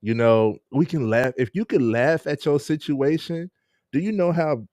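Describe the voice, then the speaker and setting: A man's voice: a little high, moderate pace, a little mellow, dry recording, clean studio sound. A man hosting a casual live-stream interview, laid-back and laughing often as he greets viewers. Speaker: host.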